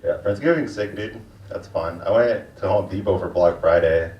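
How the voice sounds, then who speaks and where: A young comedian on a comedy club stage does stand-up in a low voice at normal speed, his delivery relaxed, crude and full of slang. The recording sounds dull, distant and echoey.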